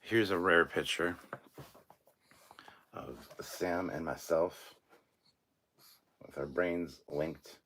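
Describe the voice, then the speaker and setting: A man's voice: low-pitched, very slow, long pauses, fairly bright tone. A man in his forties hosting a live stream, chatting casually and joking as he reads viewer comments aloud. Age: 40s.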